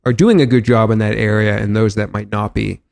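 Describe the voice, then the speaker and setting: A man's voice: on the low side, steady tone, a little fast, gravelly, a little mellow. A man hosting a podcast interview, speaking in a nasal, easygoing way with plenty of fillers. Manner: easygoing, filler-heavy, thinks aloud. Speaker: podcast host.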